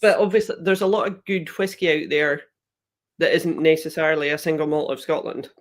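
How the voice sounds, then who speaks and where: A woman's voice: deep voice, steady tone, a little fast. A woman who is a guest on a casual chat show, talking in a friendly, chatty way with lots of "like". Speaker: guest, whisky brand ambassador.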